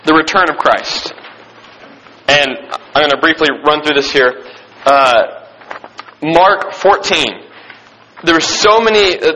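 A young man preaching a sermon, reading scripture and stressing key points with excitement and repetition. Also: on the high side, rough recording. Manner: emphatic and excited, repeating key phrases; frequent restarts and fillers.

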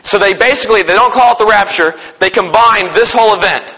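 A man with a high, bright voice teaching scripture to a group. His voice is slightly husky and rings with a long hall reverb. He poses questions to the room and answers them, and he slows down to read verses. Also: lo-fi sound. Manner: reads scripture slowly and deliberately. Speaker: preacher teaching a Bible study. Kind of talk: Bible teaching.

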